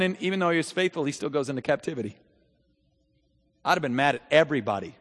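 A man preaching a sermon in a church, chatting with the crowd through rhetorical questions and building to loud shouted peaks. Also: a little high, expressive, quick pace. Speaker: pastor. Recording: long reverb of a large hall.

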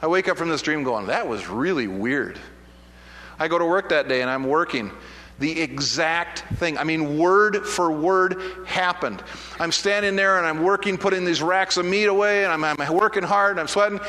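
A pastor with a slightly high, pushed and bright voice preaches at a moderate pace in a hall with long reverb. He tells a personal story conversationally and self-deprecatingly, restarting often.

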